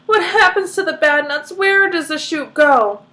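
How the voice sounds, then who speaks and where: A woman reading aloud, voicing a panicky wealthy mother who shrieks and yells. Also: measured pace, heavily acted. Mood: frantic. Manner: shrill, frantic yelling.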